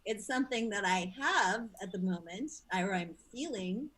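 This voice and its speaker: A woman's voice: medium pitch, expressive, normal speed, fairly bright tone, rough recording. A woman hosting a casual discussion, talking in an earnest, reflective way with many fillers.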